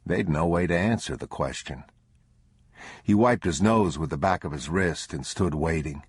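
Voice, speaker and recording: A man reading a grim survival audiobook in a low, measured narration. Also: slightly rough, no echo, clean studio sound. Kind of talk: scripted narration.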